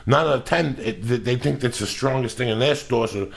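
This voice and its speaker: A man's voice: mid-range voice, fairly quick, creaky. A middle-aged man hosting a podcast, ranting in a casual, profane, emphatic way. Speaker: podcast host.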